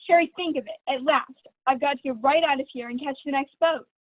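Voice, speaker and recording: A woman's voice: sits high, fairly quick, no room sound, lightly acted. A young woman playing a gushing, vain stage diva. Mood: excited. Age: teens. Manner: theatrical, affected, honeyed. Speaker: student actor. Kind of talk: school play read over video call. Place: at home. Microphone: video call. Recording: dry, tinny video call audio.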